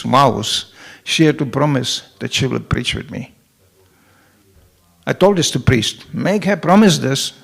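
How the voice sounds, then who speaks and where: Speaking in a gravelly, medium-pitched voice, this middle-aged man, president of a temple, delivers a funny scripture lecture in the temple hall. He tells it animatedly and acts out the voices of those he quotes.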